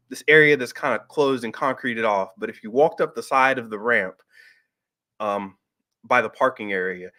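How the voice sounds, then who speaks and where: A middle-aged man telling a personal story in a casual, animated way, jumping up in pitch when he acts out what people said. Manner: animated, acts out quoted voices with pitch jumps. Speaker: host.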